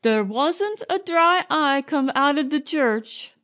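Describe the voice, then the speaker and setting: A woman's voice: sits high, animated, takes it slowly, a bit bright, voice pushed up, exaggerated voice. A woman voicing a blunt old male coachman with a British accent and rustic grammar. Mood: gruff.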